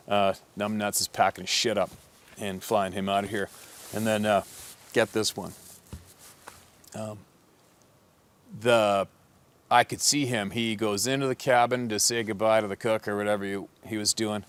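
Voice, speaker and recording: A man who works as a hunting guide tells a story in a casual, blunt, profane way, with many filler words. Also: fairly low pitch.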